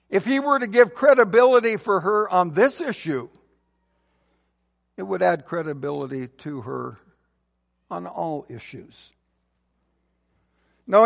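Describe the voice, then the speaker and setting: A man preaching a sermon as a pastor, earnestly building to emphatic peaks and dropping to soft, low phrase endings. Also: creaky, long reverb tail.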